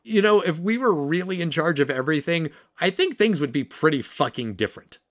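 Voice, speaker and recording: A man's voice: on the high side, lively intonation, fairly quick, no echo, clean studio sound. A man co-hosting a casual film podcast, talking bluntly and passionately, with frequent swearing. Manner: impassioned, blunt and profane. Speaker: podcast co-host.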